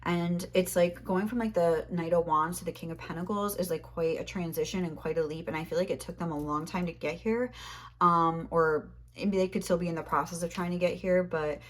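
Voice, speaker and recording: Young woman doing a casual tarot reading, rambly, says like constantly, kinda low voice. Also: steady tone, fairly quick. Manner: rambling, heavy use of "like". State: a little out of breath. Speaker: tarot reader.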